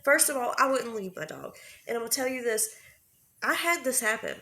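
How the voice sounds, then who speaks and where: A young woman with a fairly high voice rants to her viewers in casual, heated commentary. She is blunt and angry and swears freely. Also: big pitch swings, brisk, pushed and bright. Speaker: YouTube commentary host.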